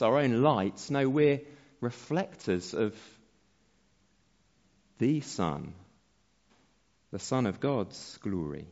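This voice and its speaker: A man preaching a sermon as pastor, slow and measured, letting his phrase endings fall soft. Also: medium pitch. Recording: dull sound with long hall reverb.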